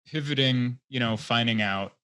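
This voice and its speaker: A man from Hungary, a guest comedian in a casual podcast conversation, telling stories in a rambling, chatty way that grows animated. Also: mid-range voice, moderate pace, clear, resonant tone, no echo. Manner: chatty storyteller, rambling with fillers, gets animated.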